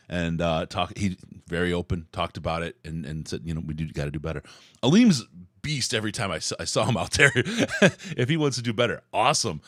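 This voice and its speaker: Low-voiced man hosting a sports podcast. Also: fairly bright tone, no echo, studio quality. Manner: conversational, rambling with restarts. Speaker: podcast host. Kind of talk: casual podcast chat.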